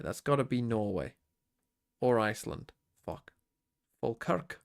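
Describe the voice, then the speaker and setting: A man with a gravelly, slow drawl talks himself through a guessing game, swearing often. His pitch swings widely from word to word. The speech is casual and unscripted. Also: a little mellow. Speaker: streamer. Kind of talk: casual muttering while playing a quiz game.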